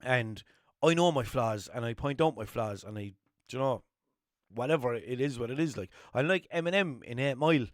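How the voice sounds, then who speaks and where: A man's voice: medium pitch, lively intonation, normal speed, dry recording, studio quality. A young man from Limerick with an Irish accent, talking in a rambling, swearing, self-mocking way as a podcast host. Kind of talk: casual solo monologue.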